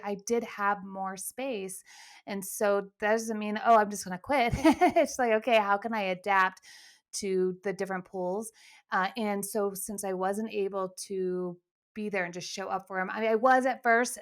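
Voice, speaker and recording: A woman co-hosting a podcast in casual chat, laughing easily and restarting her sentences as she talks. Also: mid-range voice. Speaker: podcast co-host.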